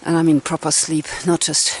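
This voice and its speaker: A woman's voice: deep voice, monotone, normal speed, a little hiss or hum. A chatty woman narrating a hiking vlog outdoors on a mountain trail into a handheld camera, laughing often. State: cold from icy water. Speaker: hiking vlogger.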